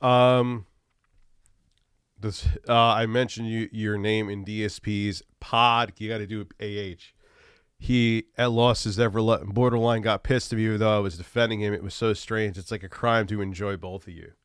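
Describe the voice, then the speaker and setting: A man's voice: fairly low pitch, steady tone, normal speed, a bit bright, clear, resonant tone, no echo, clean studio sound. Stuffy-nosed man ranting on stream. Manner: profane, rambling, loose. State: stuffy nose from a cold. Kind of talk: casual livestream rant.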